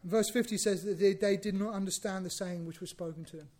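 A man preaching a sermon, lively and conversational, acting out bits of dialogue and repeating words as he goes. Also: high voice, a little fast. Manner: animated, acts out biblical dialogue, repeats himself.

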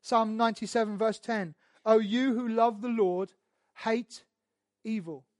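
A man preaching a sermon as a pastor, emphatic and repetitive, swelling louder as he drives his points home. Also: sits high, steady tone, unhurried, dry recording, studio quality.

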